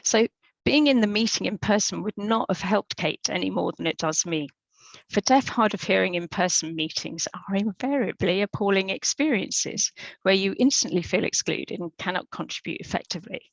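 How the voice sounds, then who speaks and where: Woman presenter, gravelly, low-pitched, informal online talk, dry close sound. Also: normal speed, no echo, dull audio. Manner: informal, chatty, with fillers and restarts. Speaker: webinar presenter.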